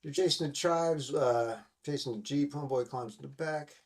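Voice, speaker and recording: Rambling, profane man with a higher voice. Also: normal speed, a little mellow. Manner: rambling and profane, full of fillers. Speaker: podcast host. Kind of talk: casual film-recap chat.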